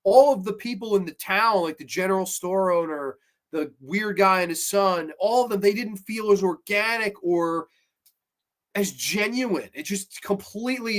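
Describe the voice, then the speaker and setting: A man talks through his horror movie review show in a casual, unscripted rant. He is blunt and profane, and he sounds plainly exasperated. His delivery swings into sudden loud outbursts of disbelief. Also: sits high. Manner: animated, with sudden loud bursts.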